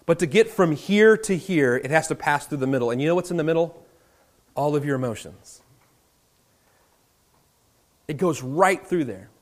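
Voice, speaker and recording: A male pastor preaching a sermon, slowing down and dropping to a hush on key words, with conversational asides. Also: fairly high pitch. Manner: expressive preaching, slows for emphasis, drops to a hush on key words.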